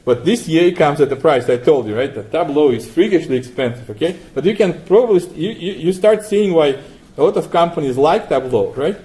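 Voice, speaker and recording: Man lecturing, mellow voice. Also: a little high, expressive, brisk. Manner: asks the class frequent questions, tags 'right?'. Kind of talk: classroom lecture with software demo.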